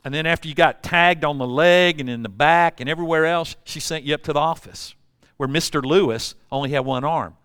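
A man's voice: on the high side, brisk, fairly bright tone, smooth, no room sound, studio quality. An older man preaching a sermon, telling folksy stories and acting out voices. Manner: folksy storytelling with acted-out voices. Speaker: pastor.

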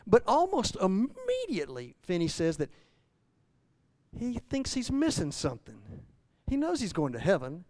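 Preaching a folksy sermon, a man in his sixties restarts often and makes self-deprecating asides, rising loud and high to play a struggling believer. This pastor's pitch swoops wildly at a moderate pace, with no echo on the recording.

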